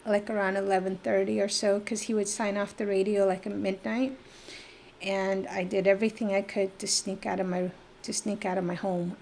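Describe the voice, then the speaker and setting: Woman, middle-aged, from New Mexico, lively storyteller, acts out voices, mid-pitched, faint background noise. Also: vocal fry. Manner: lively, acts out quoted dialogue, many fillers. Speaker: podcast guest. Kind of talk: personal storytelling in conversation.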